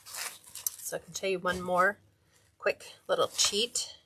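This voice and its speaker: A woman's voice: lowish voice, steady tone, slow pace, pushed and bright, a little hiss or hum. Chatty woman talking through a craft demo. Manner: chatty, talks to herself while working. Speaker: craft tutorial host. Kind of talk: casual hands-on tutorial.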